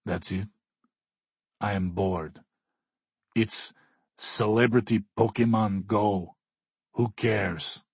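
A man voicing a bored, blunt male billionaire in an audiobook, speaking flatly and without interest. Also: husky, no echo, full character voice. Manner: flat, unimpressed, slow and low. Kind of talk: audiobook character voice.

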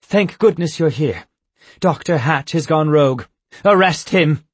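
A man voicing an indignant, commanding woman board member in an audiobook, his voice a bit husky. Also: fairly high pitch, a little slow, no room sound, pitched above the performer's own voice. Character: two-faced woman board member, shrill when crossed. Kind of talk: audiobook character voice.

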